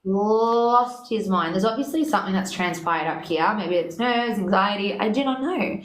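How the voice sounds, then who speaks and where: A woman telling a story in casual chat. She is animated, swears freely and acts out both sides of quoted talk. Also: mid-range voice, normal speed. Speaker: guest. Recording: echoey room with faint noise.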